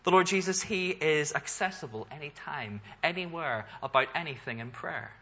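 A man's voice: a little high, moderate pace, sharp tone, muffled recording. A man preaching a sermon as the pastor, earnest, asking rhetorical questions and building in force for emphasis.

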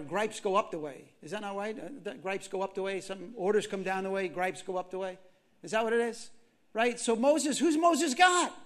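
High-voiced man preaching a lively sermon. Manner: animated, repeats phrases for emphasis, questions the congregation. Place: church gathering.

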